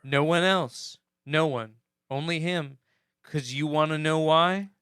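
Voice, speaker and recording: A man's voice: fairly high pitch, slow, fairly bright tone, clear, resonant tone, dry recording, clean studio sound. A man co-hosting a podcast in casual chat, joking and swearing as he reads out listener comments. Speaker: podcast co-host.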